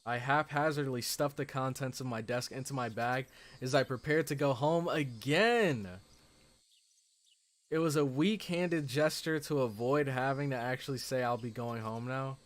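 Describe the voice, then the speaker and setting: A man streaming a visual novel, reading its text aloud and chatting excitedly between passages with frequent "like" fillers. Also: mid-range voice, normal speed. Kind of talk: reading game text aloud with casual commentary.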